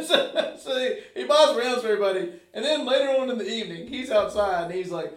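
A man's voice: very high-pitched, a little fast, hardly any pauses, far from the mic. A man chatting casually, often laughing as he tells stories about a night at a bar. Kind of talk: casual chat. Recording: roomy, off-mic.

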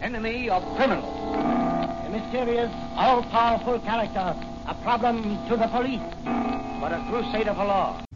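A man playing a grand old-time radio serial announcer, declaiming in a high, theatrical voice. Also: normal speed, lightly acted. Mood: dramatic. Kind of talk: 1940s radio acting. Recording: old lo-fi radio clip with loud music.

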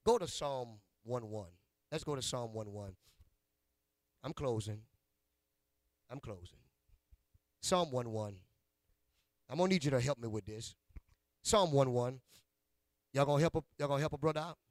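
A man's voice: mid-range voice, lively intonation, moderate pace, pauses often, dry recording. A male pastor preaching a sermon in a church, calling out to his congregation in a rhythmic call-and-response style and teasing them in a folksy, playful way. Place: church sanctuary.

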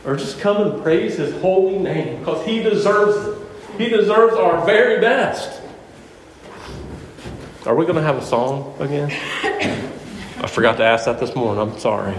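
A man's voice: on the high side, animated, unhurried, long pauses. Man, pastor, impassioned sermon, speaks to the congregation directly, very echoey room, faint background noise. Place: church sanctuary. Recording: echoey hall with long reverb.

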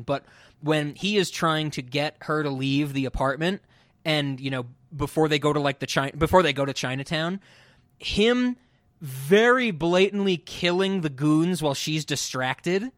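Rambling, laughing man with a higher voice. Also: moderate pace, no echo. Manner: rambling, laughs often, acts out quoted lines. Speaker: podcast co-host. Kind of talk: casual film discussion.

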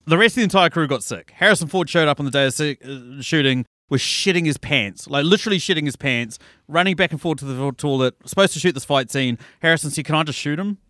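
A man's voice: on the high side, fast talker, few pauses, dry recording, clean studio sound. A man co-hosting a casual movie podcast, telling stories with lots of swearing and laughter. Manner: animated, swears freely, laughs through stories. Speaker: podcast co-host.

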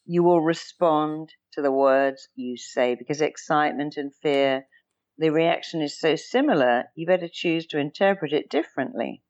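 A woman therapist with a deep voice explains her ideas with emphasis. She acts out sample phrases in shifting tones to make her point. The recording sounds dull and lo-fi. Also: moderate pace, darkish tone. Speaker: therapist guest. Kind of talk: interview explanation.

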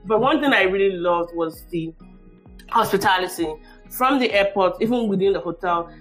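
A woman's voice: mid-range voice, moderate pace, soft background music. Rambling woman podcast host. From Nigeria. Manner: rambling, many asides and restarts. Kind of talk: long conversational questions.

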